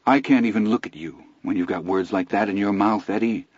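A man narrator voicing a blustering, beaten-down middle-aged father, gruff, hurt and blundering. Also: lowish voice, brisk, a little mellow, dry recording, highs cut off, natural voice.

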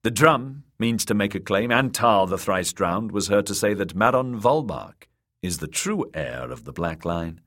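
A man's voice: lowish voice, expressive, unhurried, a bit bright. A man reading an audiobook, voicing a confident young woman warrior who teases her uncle. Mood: teasing. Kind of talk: audiobook character voice.

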